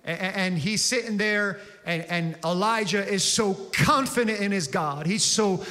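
A man preaching with a high, ringing voice that is bright and forceful. He tells the story casually, then climbs into loud, shouted exhortations. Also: a little slow. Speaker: pastor. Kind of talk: sermon.

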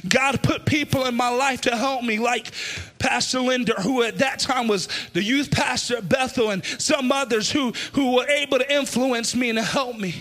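A man preaching an impassioned sermon and altar call in a church, often shouting with a sing-song preaching cadence. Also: extremely high pitch, steady tone, normal speed, faint music behind. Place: church sanctuary.

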